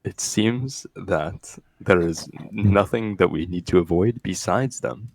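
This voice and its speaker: A man's voice: low voice, dry recording. A man playing a tabletop game, speaking hesitantly as he declares his moves. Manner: hesitant, halting. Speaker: player. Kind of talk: casual game chat.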